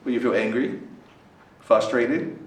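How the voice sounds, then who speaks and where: At a measured pace, a priest gives a talk to a student group in a student center meeting hall, repeatedly checking in with "right?" and questioning his listeners. His delivery is lively, with dramatic swings in pitch and volume. The recording is distant and echoey, with faint background noise.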